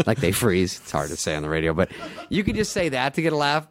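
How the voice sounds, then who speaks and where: A man's voice: mid-range voice, huge pitch swings, quick pace. A man, a guest comedian, telling stories in a casual chat, laughing often and acting out the people he quotes.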